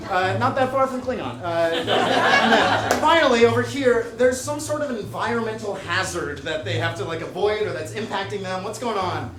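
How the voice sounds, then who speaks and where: A woman hosting a live improv comedy show, talking quickly and upbeat. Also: mid-range voice, expressive, far from the mic, background noise. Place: comedy club stage. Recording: echoey club, mic from afar.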